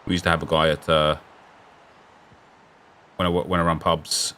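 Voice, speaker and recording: Laid-back low-voiced streamer. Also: male voice, level tone, normal speed, sharp tone. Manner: rambling storytelling, laid-back. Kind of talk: casual live-stream chat.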